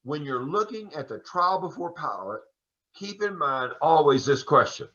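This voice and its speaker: A man teaching an adult Sunday school class, lecturing on scripture in a relaxed, chatty way with folksy asides. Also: a little high, moderate pace. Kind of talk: conversational Bible lecture. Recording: dull lo-fi recording.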